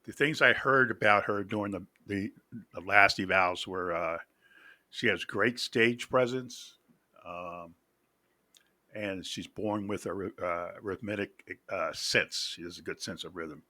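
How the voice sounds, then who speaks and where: A man with a very bright, keen edge to his somewhat low voice hosts a casual reaction video. He talks in halting, stop-start phrases, searching for words as he tells a story. The sound is close and dry, with no room around it. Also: dry recording. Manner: halting, pauses to find words; storyteller acting out quotes.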